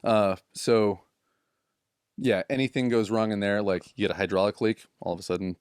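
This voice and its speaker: A man's voice: lowish voice, steady tone, moderate pace, darkish tone, clear, resonant tone, no echo, clean studio sound. A man casually telling a long story on a podcast, swearing freely and acting out what others said. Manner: profane, acts out quoted people.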